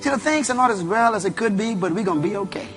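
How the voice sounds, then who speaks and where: A man acting out a male boss who rallies his staff with upbeat reassurance. The voice sits high and bright, and the lines come quickly and warmly coaxing. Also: animated, music in the background. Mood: reassuring.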